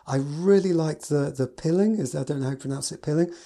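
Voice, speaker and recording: Mellow-voiced man gushing over pieces. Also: fairly high pitch, quick pace. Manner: enthusiastic, gushing with adjectives. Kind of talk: casual spoken review from notes.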